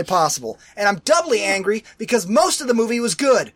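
High pitched guy on a headset call, ranting and cussing about a movie, voice going hoarse. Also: very animated, a little fast, hardly any pauses. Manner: ranting, profane, shouts when angry. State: losing his voice. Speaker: podcast co-host. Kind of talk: casual movie-review chat. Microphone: headset over a video call.

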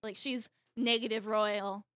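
A woman's voice: medium pitch, steady tone, unhurried, bright, forceful tone, no echo, studio quality. A young woman co-hosting a casual podcast, hesitant and often reaching for words. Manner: hesitant, searches for words, lots of fillers. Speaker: podcast co-host. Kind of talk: casual chat.

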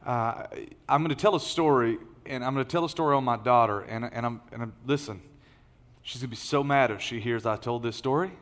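A middle-aged lead pastor delivers a conversational, folksy sermon in a large church auditorium, full of fillers and restarts. His voice is medium-pitched, a bit bright, and a little fast, with the long reverb of a large hall on the recording.

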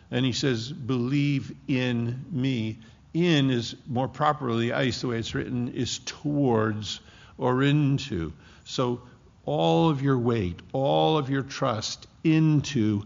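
A male preacher delivers an expository sermon at an unhurried, deliberate pace, leaning on key words. His voice has a gravelly edge, and the recording sounds dull and lo-fi. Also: medium pitch. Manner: slow, deliberate expository preaching with drawn-out emphasis.

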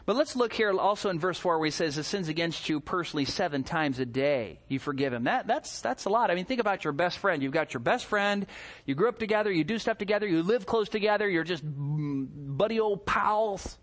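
Brief: male pastor, sermon delivery, high voice with wide swings, storytelling. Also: fairly quick. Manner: animated storytelling, acts out scenes.

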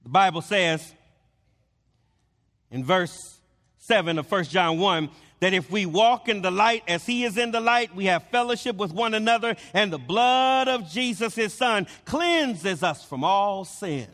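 Slow, bright-voiced emphatic preacher. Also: male voice, sits high, animated, in a large hall. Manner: emphatic, repeats and stammers on words. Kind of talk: sermon.

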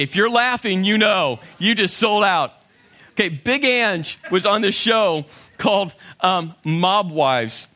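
Man, middle-aged, storytelling, animated, acts out voices, bright tone. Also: high-pitched. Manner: animated, humorous, acts out quotes. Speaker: speaker telling a story to an audience. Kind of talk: storytelling talk.

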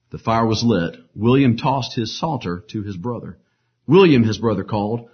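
A man's voice: lowish voice, expressive, normal speed, slightly rough, muffled recording. A man reading martyr stories aloud as a preacher, voicing the quoted lines with rising force and breaking off for casual asides. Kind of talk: dramatic storytelling reading with asides.

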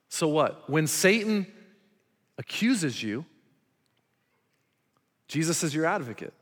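Male pastor, fairly high voice, emphatic sermon delivery, long hall reverb. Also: sing-song, slow, long pauses. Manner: emphatic preaching, rhetorical questions to the congregation.

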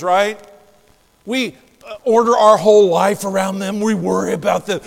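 A male pastor preaching a sermon, moving from quiet asides to shouted exhortation. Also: sits high, steady tone, moderate pace, vocal fry, in a large hall, rough recording.

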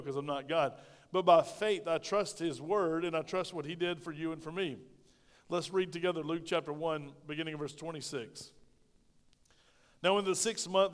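A pastor delivering a sermon in a high, lifted voice, punctuating points with asides to the congregation. His delivery swings between loud bursts and hushed remarks. The recording carries the long reverb of a large church hall. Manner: preaching with call-and-response asides, swings between loud and soft. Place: church sanctuary.

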